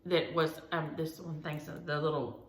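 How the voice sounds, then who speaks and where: A woman's voice: deep voice, fairly even intonation, moderate pace, echoey room, slight background noise. A woman, chatting to her viewers as a cross-stitch vlogger and rambling through homespun stories. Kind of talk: casual chat to viewers.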